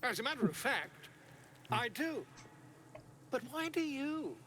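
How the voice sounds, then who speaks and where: A man's voice: extremely high pitch, big pitch swings, unhurried, pushed and bright, a little hiss or hum, full character voice. An actor playing a pompous, chatty male traveling author in a video game, with a flowery, theatrical, self-important delivery. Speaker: game character.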